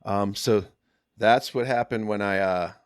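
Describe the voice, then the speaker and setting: A middle-aged man with a fairly low voice tells a long story in a loose, casual way. He is animated and slangy and acts out the other people's lines. His voice sounds dry and close, with no room around it. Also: measured pace, clear, resonant tone, no room sound. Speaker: guest.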